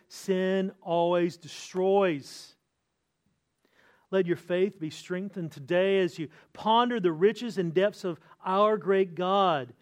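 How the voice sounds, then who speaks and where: Man, pastor, sermon, high-pitched, earnest, emphatic slowdowns. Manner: earnest preaching, slows and lifts voice for emphasis.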